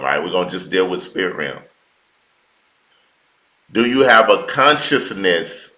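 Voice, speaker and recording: Slow, deliberate male preacher in an echoey room. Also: low voice, pushed and bright. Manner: slow, deliberate, repeats key words for emphasis; informal colloquial speech. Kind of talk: sermon teaching.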